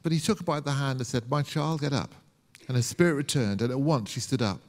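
A man's voice: medium pitch, fairly quick. A man from the UK preaching a sermon as a pastor, conversational, with rhetorical questions and acted-out quotes. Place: church hall. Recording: long church hall reverb.

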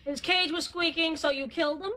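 A woman's voice: very high voice, fairly even intonation, brisk, heavy background noise. A woman acting in a sitcom, telling a joke in a wry, dry way. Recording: TV sitcom audio with faint audience.

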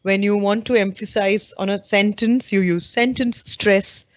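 A woman's voice: mid-range voice, fairly even intonation, unhurried. A woman teacher trainer gives an online webinar lecture, explaining each point and asking her listeners questions. The sound comes over a video call, dull and lo-fi, with a dry close feel and no room echo. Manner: explanatory, asks the audience questions.

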